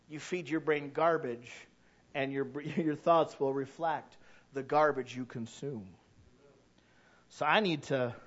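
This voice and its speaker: A middle-aged man preaching a sermon, swinging from quiet conversational asides to loud shouted passages and acting out little scenes in voices. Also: on the high side, dull audio. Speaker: pastor. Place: church.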